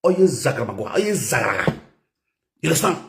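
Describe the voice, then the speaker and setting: Animated man, rambling casually. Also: mid-range voice, normal speed, gravelly. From Nigeria. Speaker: social media personality. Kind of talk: rambling casual monologue in pidgin.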